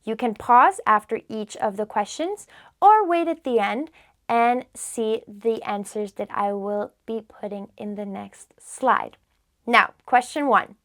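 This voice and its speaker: A woman teaching a beginner language lesson, modelling phrases slowly and translating each one patiently. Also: fairly high pitch, fairly bright tone. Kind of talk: slow, clear teaching with repetition.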